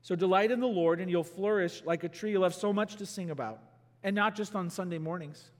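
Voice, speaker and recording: A man with a high voice preaches a sermon in a church sanctuary. He teaches through the text, rising into emphatic bursts and slowing to stress key words. His voice carries a long echo through the hall. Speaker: pastor.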